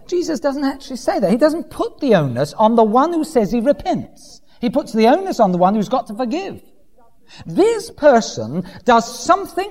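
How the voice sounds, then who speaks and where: A man preaches with a wildly lively, swooping delivery, slipping in and out of quoted voices with dry humour. His voice rings with a long reverb, as if recorded in a church hall. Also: very high voice. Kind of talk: sermon.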